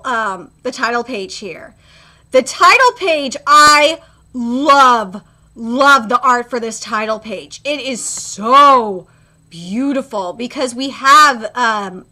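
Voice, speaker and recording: A woman streaming a live manga reaction, rambling with many fillers and restarts, and getting loud and emotional when moved. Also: high voice.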